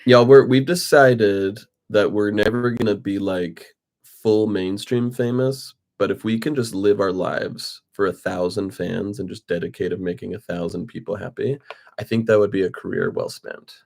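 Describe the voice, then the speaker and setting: A man co-hosting an improv group's livestream, chatting with quick, upbeat banter and reading viewer comments. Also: lowish voice, gravelly, a little mellow.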